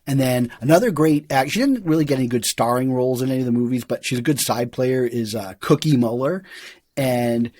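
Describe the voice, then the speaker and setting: A man hosting a podcast in casual chat, retelling scenes with lively enthusiasm. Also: mid-range voice, fairly quick, no echo, studio quality. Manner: animated storyteller who acts out quotes and laughs often. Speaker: podcast host.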